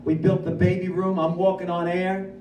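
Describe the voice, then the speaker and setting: A man giving a lively personal recovery testimony at a speaker meeting, acting out his own dialogue as he goes. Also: high voice, moderate pace, noisy background. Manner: animated storyteller who acts out his own dialogue. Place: meeting room at a recovery center. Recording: echoey room, voice from far off.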